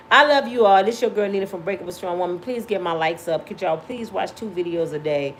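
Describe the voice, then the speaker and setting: A woman in her fifties hosting her own vlog, talking straight to her viewers in a passionate, preachy way and sometimes yelling. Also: lowish voice, fairly quick, few pauses, slight background noise. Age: 50s. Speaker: vlog host. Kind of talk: casual talk to viewers.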